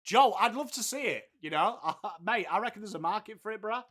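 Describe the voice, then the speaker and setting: A man's voice: sits high, animated, a little fast, fairly bright tone. A man hosting a live cricket watchalong, chatting crudely with his chat and trading banter. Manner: crude, banter-heavy, reads chat aloud. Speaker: live stream host. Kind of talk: casual cricket watchalong commentary.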